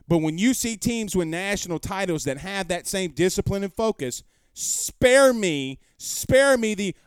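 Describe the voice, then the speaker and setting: A man talking sports at home, with emphatic, argumentative delivery and lots of rhetorical questions. His voice is smooth and fairly high for a man. The sound is close and dry, with no room echo. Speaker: sports talk show host. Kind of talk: casual live-stream commentary.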